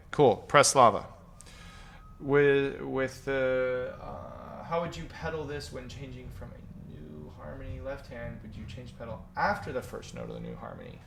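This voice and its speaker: A man's voice: mid-range voice, vocal fry, slight background noise. A man teaching piano in a casual question-and-answer lesson, counting patterns aloud while he demonstrates at the keyboard. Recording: loud piano playing behind voice. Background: piano playing.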